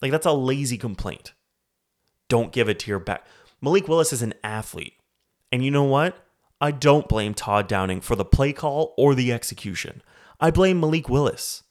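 A man's voice: medium pitch, lively intonation, moderate pace. A man from Canada hosting a solo sports podcast, ranting in a heated, profane way about football. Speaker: podcast host.

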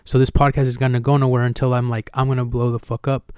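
A man's voice: mid-range voice, level tone, quick pace, a little mellow, clean tone, dry recording, clean studio sound. A man hosting a podcast in casual conversation, talking candidly with slang and swearing, and acting out the conversations he retells. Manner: acts out retold dialogue with energy. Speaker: podcast host.

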